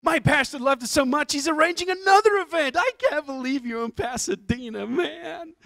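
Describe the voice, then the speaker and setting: A man's voice: extremely high pitch, normal speed, creaky, bright, forceful tone, no echo, clean studio sound, voice pushed up, heavily acted. A man voicing an overexcited young male bank teller, who gushes and keeps saying "man". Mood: gushing.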